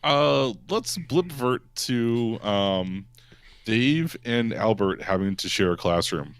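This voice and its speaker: A man acting as game master of a tabletop game, narrating in a relaxed, hesitant way with many fillers. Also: medium pitch, takes it slowly, clean tone, dry recording. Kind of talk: casual tabletop role-play narration.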